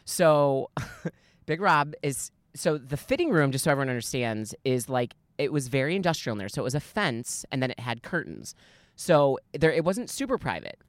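Man in his forties, animated rambling storyteller, lots of fillers, dry close sound. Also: mid-range voice, moderate pace, dry recording. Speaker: guest, fan. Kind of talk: casual podcast storytelling.

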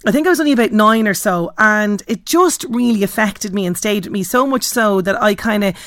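A woman's voice: medium pitch, fairly quick, no room sound, studio quality. Chatty woman hosting radio. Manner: chatty, warm, with fillers. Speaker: radio host. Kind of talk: radio interview.

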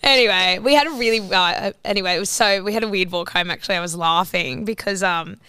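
A woman's voice: medium pitch, fast, smooth. A young woman co-hosting a podcast, telling stories in casual chat, swearing and acting out quotes. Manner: swearing, animated storytelling, acts out quotes. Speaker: podcast co-host.

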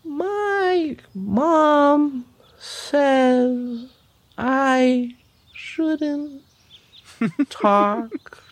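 A man voicing a shy little sloth girl who speaks in slow, halting, quiet words. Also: very high-pitched, pitched above the performer's own voice, heavily acted. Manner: drawn-out, halting, quiet delivery.

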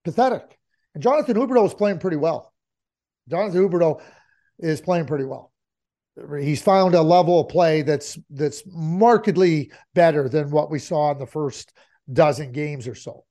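A man with a fairly high voice gives hockey opinions in a casual chat. He hammers his points home by saying them again and again, with plenty of restarts along the way. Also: normal speed, dark tone. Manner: emphatic, repeats points for effect.

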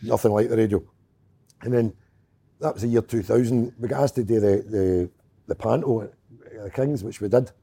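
A middle-aged Scottish man telling stories in casual chat, gruff and sweary with a mock-snappy edge. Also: fairly low pitch, moderate pace, long pauses, warm tone. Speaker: guest comedian.

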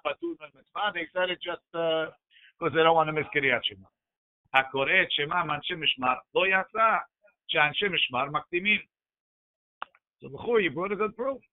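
A man leading a Talmud class, reading each Aramaic phrase and then explaining it in English, checking in with a quick "right?" along the way. His voice sits a little higher than most men's. The sound is thin and tinny, like a phone line. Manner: talks through the text with frequent "right?" checks. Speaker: Talmud teacher.

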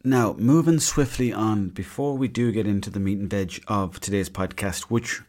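A man's voice: fairly low pitch, normal speed, a little mellow. A man hosting a solo podcast, rambling and chatty, with a self-deprecating manner. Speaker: podcast host. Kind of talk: casual solo podcast monologue.

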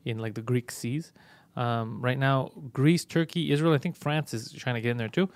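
A man's voice: mid-range voice, steady tone, moderate pace, no room sound. A man hosting a comedy podcast, teasing and swearing his way through casual chat on a studio mic. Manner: crude, teasing, heavy swearing. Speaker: podcast host.

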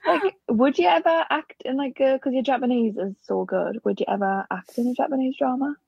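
A woman's voice: sits high, a little fast, gravelly, slightly rough, no echo, muffled recording. A woman from the Newcastle area with a Geordie accent, chatting casually, giggly and self-deprecating. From Newcastle area, England. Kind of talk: casual chat.

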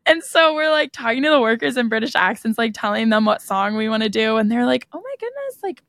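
A woman's voice: on the high side, fairly even intonation, fast talker, fairly bright tone, no room sound. A young woman co-hosting a podcast, telling stories in casual chat with lots of "like.". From United States. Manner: chatty, storytelling, frequent "like". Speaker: podcast co-host.

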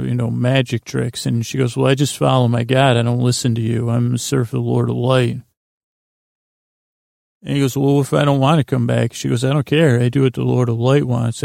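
A man's voice: mid-range voice, gravelly, darkish tone, no room sound, studio quality. A man hosting a bedtime podcast, giving a meandering, loose retelling of a TV episode with lots of fillers. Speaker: podcast host. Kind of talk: rambling bedtime episode recap.

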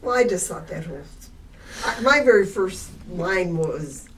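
A woman's voice: fairly low pitch, lively intonation, measured pace, recorded from a distance, a little hiss or hum. A woman co-hosting a casual film podcast, blunt and profane, answering in short bursts. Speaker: podcast co-host.

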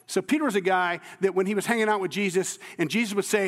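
A man's voice: high voice, a little fast, fairly bright tone, long reverb tail. A man preaching a sermon as a pastor, talking in a conversational, earnest way with frequent restarts and sudden emphatic bursts.

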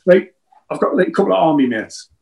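A man, talking in a loose, rambling way. He jokes around and circles back over his own words while recalling old times, his voice sitting a little high. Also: expressive, quick pace, creaky, a little mellow, poor audio. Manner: rambling, joking, repeats himself. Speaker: former footballer guest. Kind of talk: casual interview chat.

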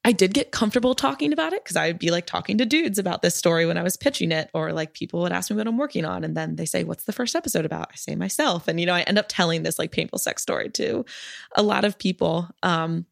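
Low, gravelly woman chatting frankly. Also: lively intonation, fast, dry recording, studio quality. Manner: frank, chatty, many filler words. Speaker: podcast creator. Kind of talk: casual interview chat.

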